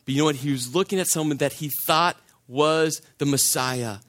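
A man's voice: on the high side, moderate pace, fairly bright tone. A man preaching a sermon, telling a personal story in a conversational way and repeating phrases for emphasis.

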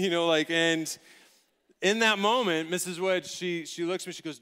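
A man preaching a sermon, telling a personal story in an animated, humorous, conversational way. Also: fairly high pitch, fast, clear, resonant tone. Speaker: pastor.

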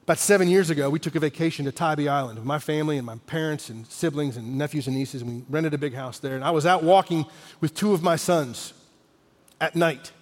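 A man in his forties preaching with a fairly high voice, telling the story animatedly and sometimes sinking almost to a whisper for weight. His words ring out with a long reverb that carries through a large hall. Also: quick pace. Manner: animated storyteller, drops to a near-whisper for emphasis. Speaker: pastor. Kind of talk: sermon storytelling.

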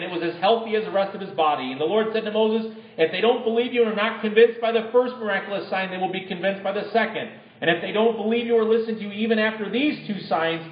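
A pastor preaching a sermon, reading scripture aloud and calling out to the congregation. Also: male voice, high-pitched. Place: church. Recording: echoey, dull-sounding church recording.

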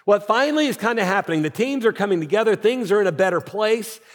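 A man's voice: high-pitched, animated, quick pace. A man preaching as a senior pastor in a church auditorium, talking conversationally and tossing rhetorical questions to the congregation. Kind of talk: sermon. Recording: long hall reverb.

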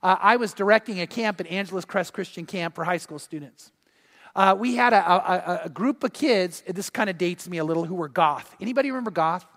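A man preaching a sermon as pastor, telling stories with lively quoted voices. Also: high-pitched, brisk, vocal fry, big-room sound. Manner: storytelling with animated quoted voices.

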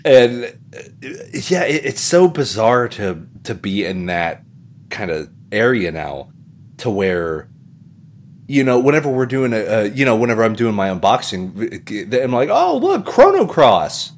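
A man's voice: on the low side, unhurried. A man chatting casually on a podcast, telling stories and acting out what other people said. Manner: animated storyteller, acts out quoted voices. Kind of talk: casual chat.

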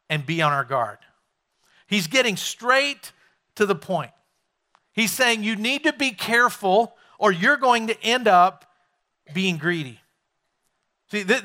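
Bright-voiced male pastor preaching. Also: high-pitched. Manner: conversational, asks the congregation questions. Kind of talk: sermon.

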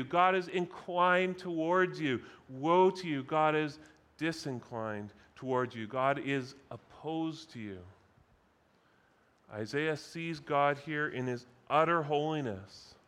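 A male preacher delivering a sermon in a slow, measured way, leaning on repeated phrases for emphasis. His voice sits a little higher than most men's. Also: a bit bright. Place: conference session.

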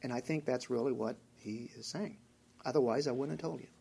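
A man's voice: mid-range voice, fairly quick, creaky, mellow, a little hiss or hum. A man with a Southern US accent who preaches a sermon as pastor, asking his congregation direct questions.

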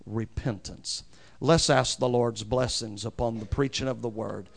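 A man preaching a sermon as pastor, reading scripture slowly with strong emphasis and calling for amens from the congregation. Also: mid-range voice, steady tone, gravelly.

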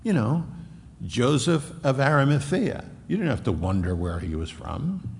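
A man preaching in an animated, emphatic way, with a gravelly edge to his voice. He hammers points home by repeating phrases. A long hall reverb trails behind every word. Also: mid-range voice, normal speed, a little hiss or hum. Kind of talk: expository sermon.

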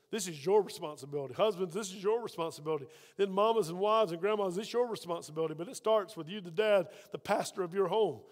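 A man's voice: high voice, in a large hall. A man preaching a sermon as pastor, fervent and full of rhetorical questions to the congregation.

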